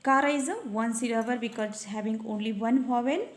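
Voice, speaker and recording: A woman teacher, slowly explaining a textbook page and spelling out letters. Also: a little high. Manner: slow, patient, spells out letters. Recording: echoey room.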